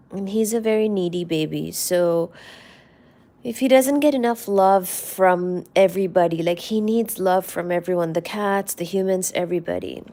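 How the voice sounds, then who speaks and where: A woman hosting a casual live stream, chatting affectionately about her cats in a soft, rambling way that often drops to a near-whisper. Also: mid-range voice. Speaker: livestream host.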